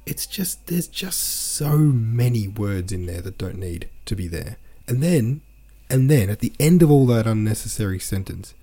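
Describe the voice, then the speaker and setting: A man's voice: on the low side, animated, normal speed, hardly any pauses, mellow. A man hosting a podcast, reading from a novel aloud and complaining in an exasperated, ranting way about its wordy sentences. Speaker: podcast host.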